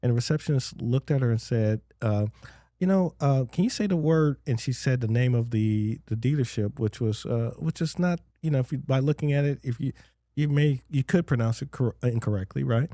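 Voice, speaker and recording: A man as a podcast guest, telling stories in a rambling way with lots of restarts and lively acted-out quotes. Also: mid-range voice, brisk, no echo, clean studio sound. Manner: rambling storyteller, many fillers and restarts, animated quotes. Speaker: guest, business owner. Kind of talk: casual interview chat.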